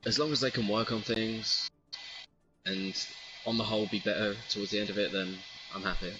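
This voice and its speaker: A man's voice: lowish voice, steady tone, a little fast, lo-fi sound. Chatty male co-caster over music. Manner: chatty, jokey. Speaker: esports co-caster. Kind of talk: casual game commentary.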